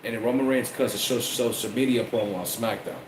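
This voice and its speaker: A man's voice: medium pitch, steady tone, fairly quick. A man giving a casual wrestling review, profane and repeating himself as he rambles. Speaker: wrestling commentator. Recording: echoey room with faint air conditioning hum.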